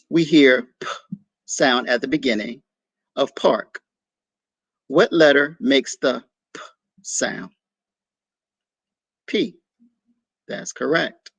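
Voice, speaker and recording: A man leads a children's phonics lesson at a very slow, patient pace. His voice is gravelly, and it sounds close and dry with no room echo. He sounds out each letter and praises every answer. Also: medium pitch, fairly bright tone. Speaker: teacher.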